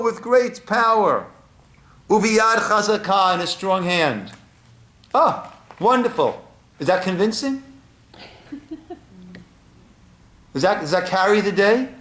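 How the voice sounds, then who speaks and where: A man's voice: high-pitched, roomy sound. A male rabbi giving a Torah class, quoting Hebrew and asking his listeners questions. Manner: lively teaching with rhetorical questions and Hebrew quotes. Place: synagogue.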